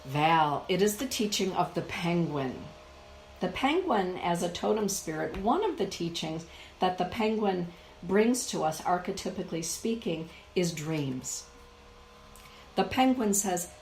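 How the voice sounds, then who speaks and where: A woman giving a live oracle card reading, speaking slowly and emphatically and addressing her viewers by name. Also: lowish voice, animated, roomy sound, slight background noise, low-quality recording. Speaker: spiritual author and card reader.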